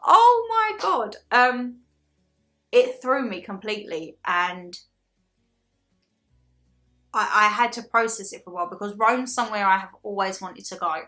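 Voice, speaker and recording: Chatty woman vlogger, about thirty, with a bright, forward tone. Excitable and talks to camera. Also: mid-range voice, moderate pace, long pauses. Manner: excitable, chatty storytelling with many "like"s. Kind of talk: casual chat to camera.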